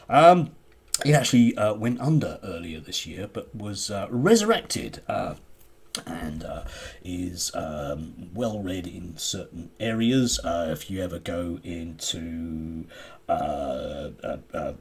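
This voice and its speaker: A man's voice: sits low, vocal fry, breathy edge. A man commenting casually on a news article he reads aloud, with sarcastic asides and many hesitant fillers and restarts.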